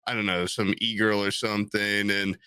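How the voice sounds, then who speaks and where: A man's voice: fairly low pitch, flat delivery, moderate pace, bright, forceful tone, smooth, no echo. A man co-hosting a casual podcast, rambling through stories, acting out quotes and swearing often. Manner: rambling storyteller, acts out quotes in shifting voices, swears often. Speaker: podcast co-host. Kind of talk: casual chat.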